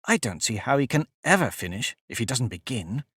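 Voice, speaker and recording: A man lifts his voice into a polite, curious storybook girl, prim and a touch indignant. The voice sits well above his narration, with lively pitch swings. It is dry and close. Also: a little fast, slightly rough, no room sound. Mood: earnest. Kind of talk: audiobook character voice.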